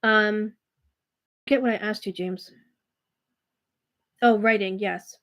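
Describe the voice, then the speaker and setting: A woman giving a live tarot reading, speaking gently and reassuringly to a viewer, with frequent fillers and restarts. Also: medium pitch, steady tone, takes it slowly. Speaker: tarot reader and spiritual coach hosting a live reading. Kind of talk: live-stream chat with viewers.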